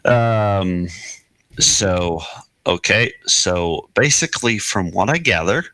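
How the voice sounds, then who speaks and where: Male game master, deep and unhurried, halting casual chatter. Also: lively intonation, pushed and bright, dry recording. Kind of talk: casual chat between game sessions.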